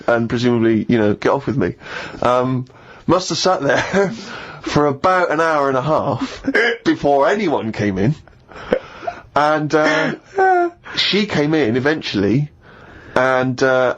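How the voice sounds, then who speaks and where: A man co-hosting a casual comedy podcast, rambling through anecdotes and laughing often. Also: mid-range voice. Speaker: co-host. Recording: dull lo-fi podcast audio.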